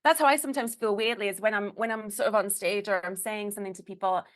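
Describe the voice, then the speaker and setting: A young woman from Newcastle with a Geordie English accent, chatting as a guest and telling stories in quick, animated bursts. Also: medium pitch. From Newcastle, England. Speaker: guest, burlesque host and comedian. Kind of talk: casual podcast chat.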